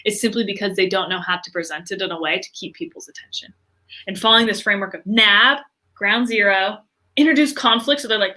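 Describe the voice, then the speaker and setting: A woman guest in an interview, talking with lots of fillers and acting out other people's reactions in quick quoted voices. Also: medium pitch. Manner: animated, many fillers, acts out quoted reactions. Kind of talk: enthusiastic interview talk.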